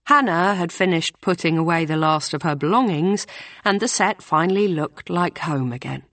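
A woman reading a novel aloud in measured scripted narration. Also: lowish voice, fairly bright tone, no room sound. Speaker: audiobook narrator.

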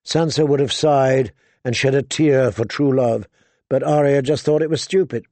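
Gravelly, mellow man reading a fantasy story. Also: mid-range voice, moderate pace, no echo. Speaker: audiobook narrator. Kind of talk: storybook narration of a fantasy novel.

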